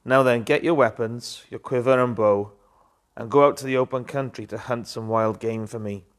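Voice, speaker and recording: A man reading the lines of an old, blind male patriarch nearing death, in a plain, steady voice during a live scripture reading. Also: medium pitch, moderate pace, natural voice. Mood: earnest.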